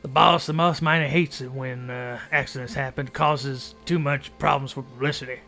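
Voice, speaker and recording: A man's voice: medium pitch, fairly even intonation, normal speed, vocal fry, sharp tone, soft background music. A man voicing a drunk ghostly dwarf brewery foreman who stammers and keeps slipping out of a put-on accent. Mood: eager. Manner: stammering, hiccuping, tipsy.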